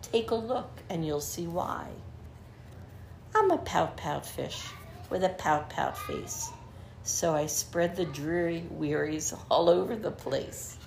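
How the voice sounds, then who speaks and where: A woman's voice: slow pace, gravelly, darkish tone, slight background noise. Woman voicing a glum pouting storybook fish. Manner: mopey sing-song rhyming, low blubs. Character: glum gloomy male fish, sulky.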